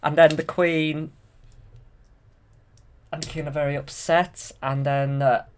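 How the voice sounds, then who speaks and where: A channel host with a fairly high, level, smooth voice speaks slowly as he retells a film from memory. He's enthusiastic, with plenty of fillers and restarts.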